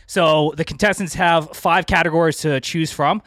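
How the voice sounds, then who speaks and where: A man hosting a casual watch quiz in a podcast, out of breath and joking loudly. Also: a little high, moderate pace, no echo, studio quality. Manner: excitable, loud and joking. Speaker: quiz host. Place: house.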